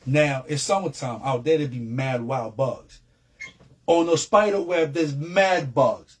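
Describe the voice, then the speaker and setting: A man's voice: a little high, a little slow. A man, a guest telling a long story in a casual, streetwise way with heavy slang and repeated phrases. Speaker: interview guest.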